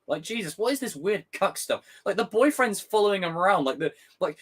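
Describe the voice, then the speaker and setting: A man streaming live and reading out chat, talking casually and ranting in an animated, exasperated way, swearing freely. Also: high-pitched, a little fast, hardly any pauses.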